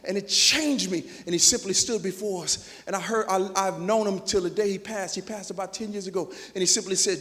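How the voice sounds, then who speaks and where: A man giving an energetic motivational speech to teachers, telling stories and getting the audience to call back. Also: sits high, a little fast, hardly any pauses. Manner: energetic, storytelling, calls for audience response. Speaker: motivational speaker. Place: large auditorium. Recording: long hall reverb, PA system.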